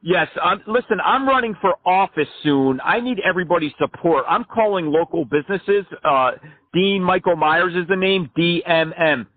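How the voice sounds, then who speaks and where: A man playing a brash, self-important politician who rambles an absurd campaign pitch over the phone. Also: normal speed, no echo. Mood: pompous. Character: self-important male fringe politician, a smooth-talking blowhard. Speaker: prank caller. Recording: phone-like line.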